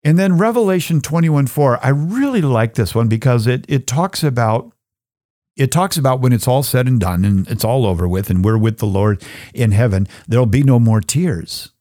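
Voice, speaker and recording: A middle-aged man hosting a faith podcast, reflecting on Bible verses in an earnest, conversational way and reading Scripture slowly. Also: medium pitch, expressive, dry recording, clean studio sound. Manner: gets choked up and soft when sharing personal grief. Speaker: podcast host. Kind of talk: reflective Bible teaching talk.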